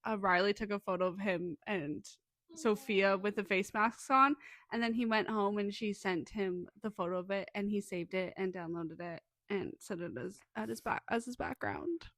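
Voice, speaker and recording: A woman's voice: medium pitch, moderate pace, fairly bright tone, no echo. A woman co-hosting a book podcast, teasing her co-host and laughing often. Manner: giggly, teasing. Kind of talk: casual book review chat.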